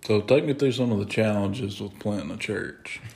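Male interviewer, low gravelly voice, short questions, off-mic. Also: moderate pace, darkish tone. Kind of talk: casual interview.

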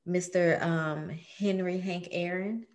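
A woman's voice: fairly low pitch, steady tone, slow pace. A woman co-hosting a casual chat, playful and laughing often. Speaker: podcast co-host.

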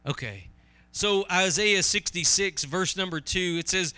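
A man preaching a sermon in an earnest, conversational way, asking his listeners questions and reading scripture slowly and with emphasis. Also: sits high, pushed and bright, clean tone, no echo.

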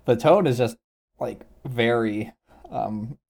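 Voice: medium pitch, slow pace, gravelly, a little mellow. A podcast co-host in casual chat, wry and filler-heavy.

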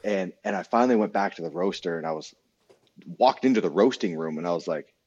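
Young man, deep and husky, casual storyteller; dull lo-fi recording. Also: expressive, fast, a little mellow. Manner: rambling storyteller, frequent restarts and swearing. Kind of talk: casual chat. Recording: dull lo-fi sound.

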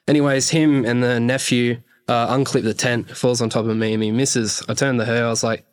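A man's voice: mid-range voice, flat delivery, fairly quick, few pauses, clean tone. A man, a podcast guest telling a long story in a rambling, heavily sworn casual way. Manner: profane, rambling, fillers like "rah, rah".

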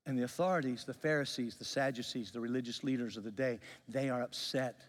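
A male pastor preaching a sermon, telling the story with lively acted-out voices. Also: medium pitch, quick pace. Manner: animated storytelling, acts out quoted voices. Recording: long reverb of a large hall.

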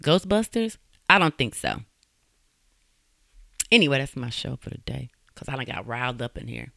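A woman's voice: extremely low pitch, sing-song, moderate pace, creaky, bright, forceful tone, dry recording, clean studio sound. A woman hosting a true-crime podcast, talking casually in a fiery, blunt, profane way with laughing asides. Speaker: podcast host.

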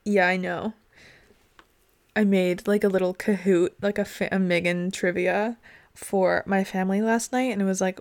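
A woman's voice: fairly low pitch, fairly even intonation, normal speed. Young woman, podcast co-host, casual chat, chatty anecdotes. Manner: chatty, reacting and telling anecdotes.

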